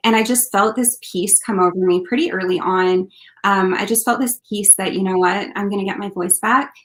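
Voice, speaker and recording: A woman, a country singer, recounts her experience in an earnest, heartfelt way. Her speech is loose and conversational, with frequent ums and uhs as she talks, and her pitch sits in a middle range. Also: steady tone, normal speed. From Canada. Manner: earnest, heartfelt, many fillers. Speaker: country singer, interview guest. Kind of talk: casual interview storytelling.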